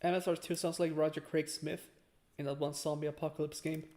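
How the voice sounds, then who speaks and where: A man's voice: a little high, little pitch movement, fairly quick, darkish tone. A young man in casual chat, offhand and blunt.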